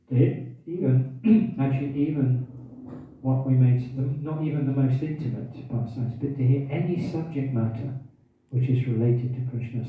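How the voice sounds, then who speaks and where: A man giving a scripture class, quizzing the audience and repeating key phrases, with hiccups. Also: medium pitch. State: has hiccups. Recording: tinny, distant, echoey room recording.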